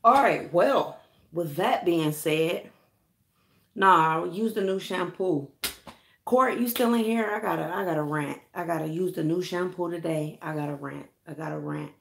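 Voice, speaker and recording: A woman's voice: lowish voice, unhurried, vocal fry. A woman vlogger ranting to her viewers with lots of profanity, frustrated and calling out to friends by name. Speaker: hair care vlogger. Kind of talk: casual vlog rant to viewers.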